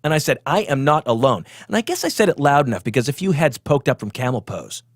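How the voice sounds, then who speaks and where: A man's voice: a little high, quick pace, husky, no room sound, clean studio sound. Boastful man with a wildly swinging voice. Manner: self-absorbed, boastful, rising to excited outbursts. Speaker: podcast host. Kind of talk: comedic monologue.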